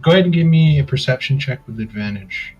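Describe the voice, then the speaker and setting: Man, game master, calm descriptive narration over faint music. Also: medium pitch, dull audio. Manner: descriptive second-person narration, unhurried.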